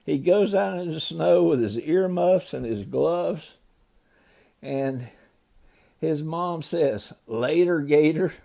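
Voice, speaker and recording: A man's voice: a little high, slow pace, creaky, pauses often, warm tone. An older man, a grandfather, loosely retelling a children's story to a grandchild, ad-libbing with small slips.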